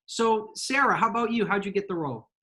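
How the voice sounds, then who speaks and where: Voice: mid-range voice, quick pace, sharp tone, low-quality recording. Enthusiastic panel host on a video call. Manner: enthusiastic, friendly moderator. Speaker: convention host. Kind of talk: hosting a virtual panel.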